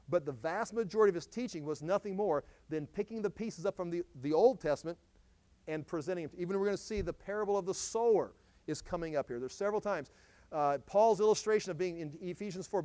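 A man with a fairly high voice teaches a sermon verse by verse. He lifts his voice to read the scripture with emphasis, then drops into a casual, explaining tone full of small restarts. The recording is close and dry. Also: a little mellow, no room sound. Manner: reads scripture with rising emphasis, then explains in a lower, conversational tone. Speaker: pastor.

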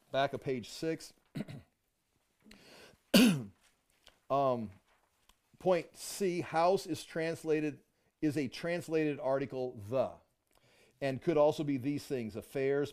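A man's voice: mid-range voice, darkish tone. A man teaching a Bible study class, thinking aloud and restarting his sentences often as he explains a passage to the group.

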